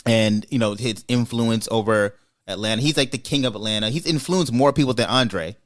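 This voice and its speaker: A man's voice: medium pitch, fairly quick. A man hosting a casual podcast debate, who speaks emphatically and speeds up when he makes a point. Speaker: podcast host.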